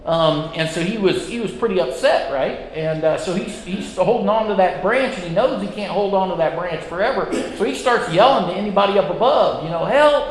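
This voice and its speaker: A man's voice: high-pitched, a little hiss or hum. A man teaching a Sunday school class, chatty and self-deprecating, opening with jokes. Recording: echoey hall with reverb.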